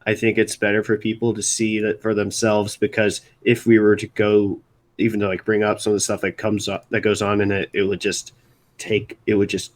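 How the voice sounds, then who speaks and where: A young man from Baltimore chatting casually on a live stream, rambling and restarting his sentences. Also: on the low side. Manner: rambling, halting, many restarts. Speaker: music segment host.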